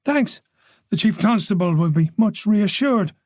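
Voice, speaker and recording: A man's voice: sits high, animated, measured pace, a little mellow, no echo, pitched above the performer's own voice. A man as a modest, guarded detective. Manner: polite, dry, guarded. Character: modest, reserved middle-aged male detective.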